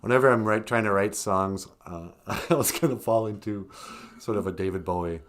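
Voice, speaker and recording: A man chatting casually on a live stream, rambling, chuckling often and trailing off quietly. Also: lowish voice, a little fast, faint music behind.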